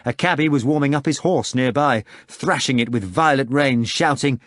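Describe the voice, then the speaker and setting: Guy reading an audiobook, expressive and dramatic, mid pitch, dry close mic. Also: moderate pace, hardly any pauses, no echo. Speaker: audiobook narrator. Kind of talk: scripted narration.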